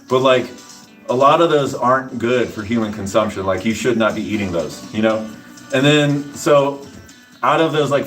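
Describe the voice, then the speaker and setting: A man casually explaining nutrition to his livestream chat between workout sets, rambling and joking with viewers. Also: mid-range voice. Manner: rambling, answers chat, jokey asides. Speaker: fitness streamer.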